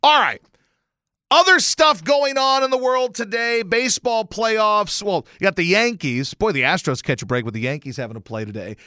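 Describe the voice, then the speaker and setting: A male radio host telling a casual story with lots of swearing and sudden loud exclamations. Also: high voice, moderate pace, no room sound, clean studio sound. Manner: animated, profane, bursts into loud exclamations. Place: radio station studio.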